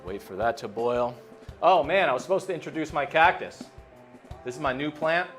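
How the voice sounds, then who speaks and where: A man's voice: fairly high pitch, lively intonation, moderate pace, fairly bright tone, soft background music. A man who works as a bartender, talking casually and chattily while he makes a cocktail. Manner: laid-back, chatty, says "man" a lot. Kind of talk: casual cocktail-making demo.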